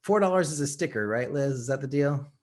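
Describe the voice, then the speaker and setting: A man's voice: medium pitch, expressive, a little fast, darkish tone. A man co-hosting a filmmaking podcast in casual chat, rambling with lots of fillers and frequent laughs. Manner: rambling, many "like" and "you know" fillers, laughs often. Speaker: podcast co-host.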